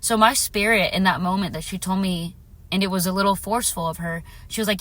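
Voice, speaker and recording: A woman's voice: mid-range voice, fairly quick, fairly bright tone. Brief: woman vlogger, earnest and affirming, casual storytelling to camera, mid-range voice. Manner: earnest, repeats phrases for emphasis; affirming, speaks directly to viewers. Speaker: spiritual vlogger.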